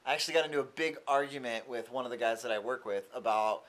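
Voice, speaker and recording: Casual young male vlogger, chatty, mid-pitched, animated in his retelling. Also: quick pace. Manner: chatty, animated quoting of others. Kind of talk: casual storytelling vlog.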